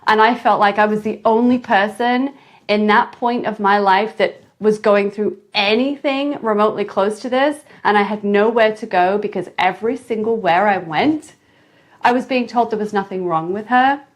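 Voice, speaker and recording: A mother telling a parenting story in a casual vlog, animated and dramatic, with big jumps in pitch. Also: moderate pace. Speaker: mother sharing parenting advice.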